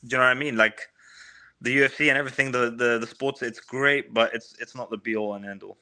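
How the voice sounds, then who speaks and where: Bright-voiced young fighter, emphatic. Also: male voice, medium pitch, steady tone, quick pace. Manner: emphatic, keeps saying bro and man. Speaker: MMA fighter. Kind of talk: casual remote interview. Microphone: video call.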